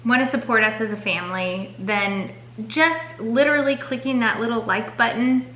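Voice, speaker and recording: A young woman co-hosting a family channel, chatting casually with warm, fond asides. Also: on the high side, normal speed. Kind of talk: casual chat. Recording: echoey room.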